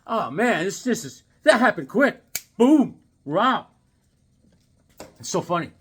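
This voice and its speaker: A man hosting a casual vlog about his comic books, talking in a jokey, animated way with sudden exclamations. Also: high-pitched, slow pace, pauses often, slightly rough. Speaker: comic book vlogger. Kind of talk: casual show-and-tell vlog.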